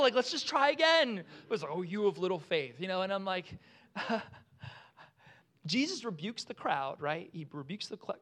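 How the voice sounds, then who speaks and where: A man preaching a sermon, animated, acting out the lines with voices and laughing often. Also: sits high. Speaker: pastor.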